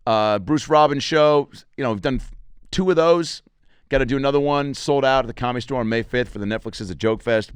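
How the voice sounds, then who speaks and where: A comedian hosting his own podcast, a man with a low, smooth, resonant voice. He rambles casually, drifting into crude jokes between plugs for his shows. The sound is dry and close, with no room echo. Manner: rambling and crude, with self-promotion and jokey asides.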